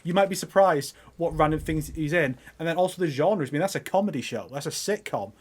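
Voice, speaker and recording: Male co-host, rapid delivery, slightly high voice, playfully pushy. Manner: teasing, insistent. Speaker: podcast co-host. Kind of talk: casual chat.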